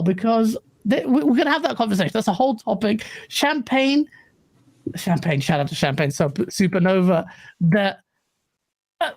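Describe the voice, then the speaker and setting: A woman co-hosting a live gaming podcast stream, chatting casually and shouting out viewers as she reads chat messages. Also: a little high, no echo. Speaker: livestream podcast co-host.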